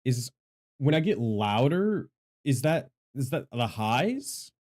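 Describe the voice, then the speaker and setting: A man streaming from home, loud and self-deprecating, rambling through casual mic tests on a studio microphone. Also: mid-range voice, big pitch swings, slow pace. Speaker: gaming content creator and streamer. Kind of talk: casual livestream mic testing. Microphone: studio microphone with equalizer.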